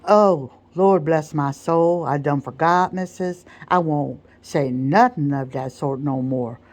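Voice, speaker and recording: A woman's voice: low-pitched, slow, a little mellow. A woman voicing a mischievous, cunning male servant with a thick drawling dialect, as whispered role-play in a storybook reading. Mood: wheedling. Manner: dialect-heavy, drawling, teasing.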